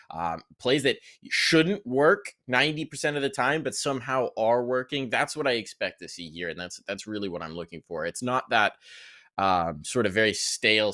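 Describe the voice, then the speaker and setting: A man casting an esports match, giving energetic pre-match commentary that keeps building on his own phrases. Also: lowish voice. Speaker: esports caster.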